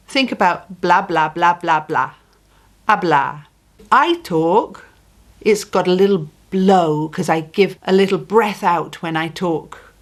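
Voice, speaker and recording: A woman teaching a beginner language lesson, saying phrases slowly and patiently and repeating them clearly. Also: on the low side. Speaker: Spanish teacher.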